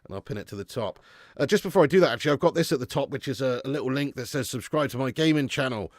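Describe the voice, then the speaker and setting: A man hosting a live match watch-along, chatting excitedly with viewers and calling them mate and lad. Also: medium pitch, rapid-fire, no room sound, studio quality. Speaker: fan channel host doing a live match watch-along. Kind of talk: casual live-stream commentary and chat.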